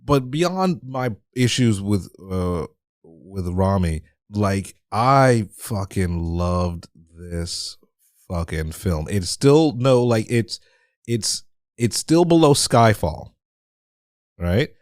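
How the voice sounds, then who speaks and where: A man's voice: lowish voice, animated, very slow, dry recording, studio quality. A man co-hosting a casual film podcast, blunt and profane, often restarting his sentences. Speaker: podcast co-host. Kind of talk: casual film review chat.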